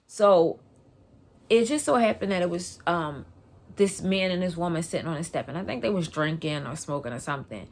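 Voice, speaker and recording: A woman tells a story in a casual vlog. Her voice sits low and has some gravel in it, but the pitch swings widely. She grows loud and animated as she relives the moment. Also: fairly quick. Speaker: vlogger.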